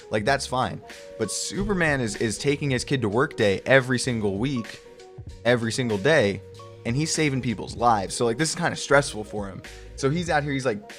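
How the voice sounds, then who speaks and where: A young man casually reviewing a comic book, rambling and profane, often slipping into quick put-on voices for the characters. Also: mid-range voice, fairly bright tone, faint music behind.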